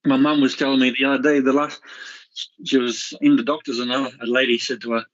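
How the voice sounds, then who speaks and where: A man's voice: medium pitch, flat delivery, quick pace. A man calling in to a radio phone-in, reminiscing in a rambling way with many restarts over dull lo-fi audio. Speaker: caller. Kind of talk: casual chat.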